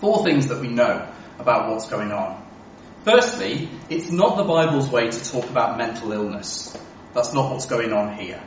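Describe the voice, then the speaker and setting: A man's voice: medium pitch, sing-song, normal speed, slight background noise. A man preaching a sermon, emphatic and full of rhetorical questions. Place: church. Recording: echoey church from a distance.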